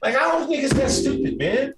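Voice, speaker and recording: A man's voice: very high voice, expressive, a little fast, faint music behind. A man co-hosting a podcast, talking loosely and profanely and laughing often. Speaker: podcast co-host. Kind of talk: casual chat. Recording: echoey room with faint noise.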